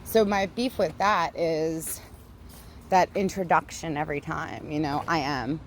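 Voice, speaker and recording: A woman's voice: deep voice, a little slow, slight background noise. A woman giving a blunt, profane, ranting monologue while walking outdoors, with frequent laughs, recorded on a handheld phone. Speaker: vlogger. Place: outdoors, walking near traffic.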